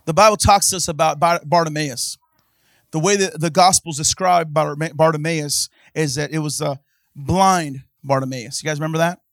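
A man preaching a sermon in church, swinging from hushed talk to impassioned shouting and calling out to the congregation. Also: fairly high pitch, steady tone, normal speed, no room sound, clean studio sound. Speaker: pastor.

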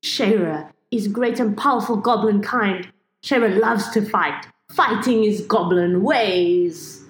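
A woman's voice: mid-range voice, slow, echoey room, lightly acted. A woman voicing a proud goblin woman who speaks in broken, simple phrases.

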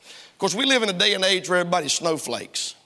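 A male pastor preaching a sermon in a church, folksy and emphatic, climbing to loud heated preaching. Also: high voice, big pitch swings, fast. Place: church sanctuary. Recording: long reverb of a church hall.

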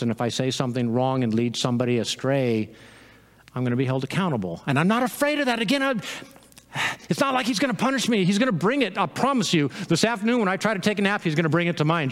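A man preaching a sermon as pastor, animated, with laughs and quick quoted asides. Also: a little high, in a large hall.

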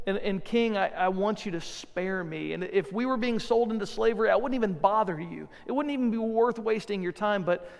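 A man's voice: high voice, fairly quick, creaky, few pauses, long reverb tail. A man voicing a young queen urgently pleading with the king.

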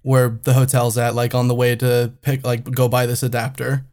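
A man telling a travel story in casual chat, animated and swearing often. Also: medium pitch, normal speed.

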